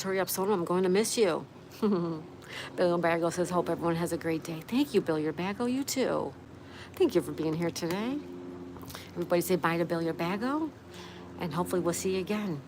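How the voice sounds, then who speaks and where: A woman's voice: fairly low pitch, fairly quick, background noise. Chatty woman reading live comments. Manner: reads viewer comments aloud, chatty and friendly. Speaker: livestream host. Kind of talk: casual livestream chat reading comments.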